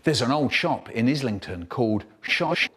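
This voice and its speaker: A man's voice: mid-range voice, normal speed, slightly rough. A man telling comic childhood stories, acting out the voices of the people in them. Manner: animated, mimicking other voices. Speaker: storyteller. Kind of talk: comic storytelling, remixed.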